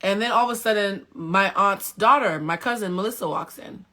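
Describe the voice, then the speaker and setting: A woman telling a story on a livestream in a casual, animated and dramatic way, swearing freely. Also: mid-range voice, moderate pace.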